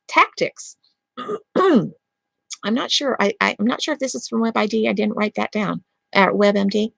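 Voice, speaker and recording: A woman's voice: fairly high pitch, a bit bright, no room sound. A woman hosting a parenting advice channel, reading quotes aloud and criticising them emphatically. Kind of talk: casual critical commentary.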